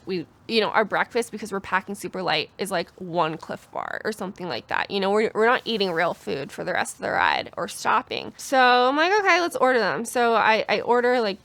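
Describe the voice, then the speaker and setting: Chatty young woman telling a story. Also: mid-range voice. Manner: chatty, animated, heavy use of "like". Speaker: cyclist telling a bikepacking story. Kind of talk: casual storytelling.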